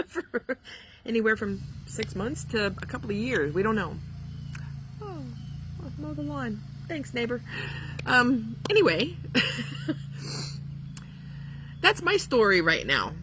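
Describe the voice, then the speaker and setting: A woman's voice: a little high, sing-song, unhurried, sharp tone, a little hiss or hum. A woman shop owner talking candidly to her viewers from her yard in a rambling way, with frequent ums. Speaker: spiritual shop owner and vlogger. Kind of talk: casual heartfelt chat to camera.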